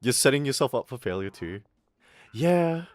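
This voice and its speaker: Man, young adult, Australian accent, casual stream chat, animated pitch, dry close sound. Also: moderate pace, dry recording, faint music behind. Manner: rambling, profane, laughs often. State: throat irritated. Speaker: VTuber streamer.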